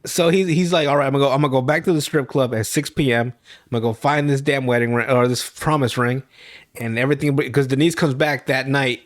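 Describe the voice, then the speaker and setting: A man's voice: mid-range voice, fairly even intonation, fast. A young man hosting a podcast, rambling through a profane, laugh-filled recap of a TV episode. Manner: rambling, profane, laughs loudly at his own story. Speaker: podcast host.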